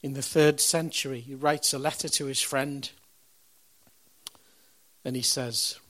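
A man preaching in an easy storytelling way, taking his time over every phrase. He jumps from loud, punchy declarations to quiet, hushed asides, with a middling pitch. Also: fairly even intonation, measured pace. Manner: conversational storyteller, swings from loud punchy lines to hushed reverent moments. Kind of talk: sermon with storytelling.

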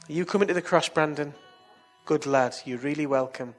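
Male preacher, husky tone, pitched a bit high; chatty storyteller who moves into earnest appeals. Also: brisk, faint music behind. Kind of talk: evangelistic sermon and altar call.

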